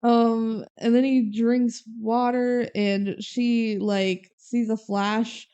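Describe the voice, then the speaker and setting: A woman's voice: on the high side, level tone, very slow, mellow, clear, resonant tone. A young woman co-hosting a podcast, recapping a movie in casual chat and laughing as she quotes scenes. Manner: chatty, giggly, quotes scenes in small acted voices. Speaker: podcast co-host.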